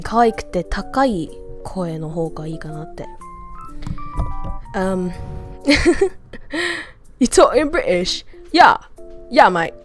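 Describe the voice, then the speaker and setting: A woman streamer answering viewer questions in a casual chat, frank and crude in her joking and quick to laugh. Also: mid-range voice. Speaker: VTuber streamer.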